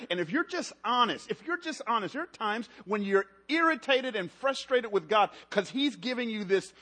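A man preaching a sermon, telling stories and swinging between loud, lively stretches and hushed, low passages.

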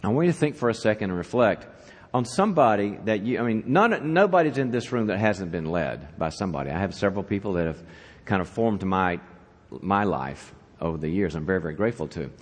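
A man speaking to an audience at a church leadership event, telling a joke conversationally and asking the crowd questions. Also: fairly low pitch. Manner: animated storyteller, conversational, asks the audience questions. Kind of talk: conference talk to an audience. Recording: reverberant hall.

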